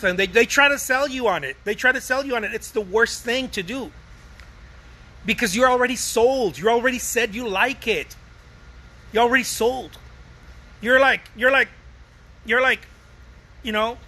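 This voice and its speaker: A man giving a casual, energetic talk to fellow artists about selling, often calling listeners "baby" and acting out short dialogues. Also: sits high, normal speed, low-quality recording. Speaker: artist coaching other artists on sales.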